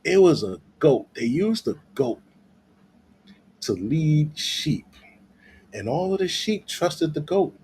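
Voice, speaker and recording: A man delivering profane reaction commentary, loose and laughing as he goes. His voice swings up and down with animated pitch while he keeps an unhurried, drawn-out pace. There is a faint hum of noise under his voice. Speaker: vlogger.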